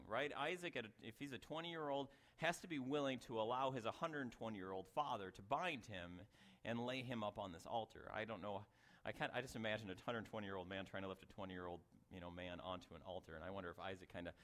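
A man's voice: on the low side, fairly bright tone. A middle-aged male pastor giving a sermon in a conversational way, breaking off into asides and chuckling at himself. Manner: conversational, self-interrupting, chuckles at own asides.

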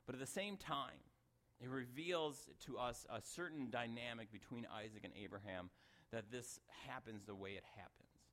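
Middle-aged male pastor, casual sermon delivery, rambling asides, mid pitch. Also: normal speed, a bit bright. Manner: conversational, self-interrupting, chuckles at own asides.

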